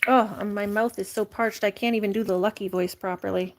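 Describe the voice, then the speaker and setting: A woman's voice: medium pitch, fairly even intonation, fairly quick. A woman vlogger chatting casually, giggling and cooing at her animals while caring for them. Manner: giggly, coos at pets, chatty. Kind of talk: casual chat to camera and animals.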